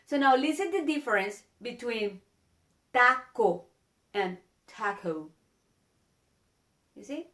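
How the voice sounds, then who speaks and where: Spanish-accented woman teacher, slightly high voice, unhurried, earnest; casual video lesson. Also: a bit bright. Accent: Spanish-speaking. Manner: earnest, drawn-out demonstrations of vowel sounds.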